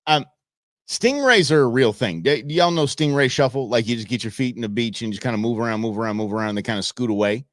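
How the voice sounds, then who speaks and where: A man hosting a show, giving playful, animated commentary over viral videos and talking back at the footage. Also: mid-range voice, fast, no room sound, clean studio sound. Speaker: show host.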